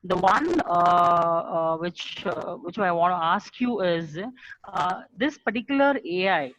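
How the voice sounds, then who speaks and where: A man's voice: sits high, lively intonation, slow, background noise. A man asks a question over a video call. He hesitates a lot and restarts his sentences. The audio sounds dull and muffled. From India. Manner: hesitant, many fillers and restarts. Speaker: training manager asking a question. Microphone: computer mic on a video call.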